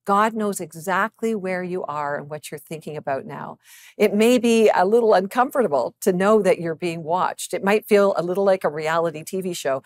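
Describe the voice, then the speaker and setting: A woman in her fifties, a psychologist and author, reading a scripted devotional. She speaks earnestly to the listener and slows down to give scripture passages deliberate weight. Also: lowish voice, no echo. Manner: earnest, encouraging address to the listener.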